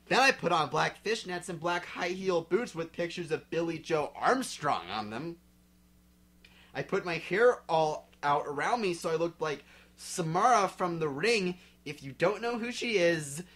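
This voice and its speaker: A young man giving a comic dramatic reading, sniffly, swinging from mumbling to shouting. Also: fairly high pitch, expressive, measured pace. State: drinking, sniffly. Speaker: reader.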